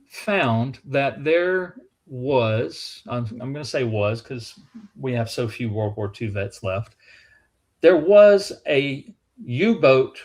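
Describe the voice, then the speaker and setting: Southern man telling rambling history anecdotes. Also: mid-range voice. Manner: rambling anecdotal, with restarts and acted quotes. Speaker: museum staff guest. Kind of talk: casual storytelling chat.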